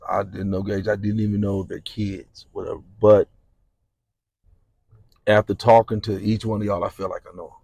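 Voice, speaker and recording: A man hosts a casual podcast interview in a fairly low voice, with a relaxed, drawling way of talking. He sounds encouraging toward his guest. His voice is recorded close to the mic with a dry sound. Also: normal speed, vocal fry, pauses often, dry recording. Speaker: podcast host.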